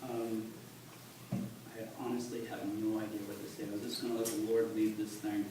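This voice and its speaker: A man giving a halting, earnest personal testimony at church, recorded on a phone from the congregation. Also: on the low side, level tone. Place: church sanctuary. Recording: echoey church on a distant phone, noisy.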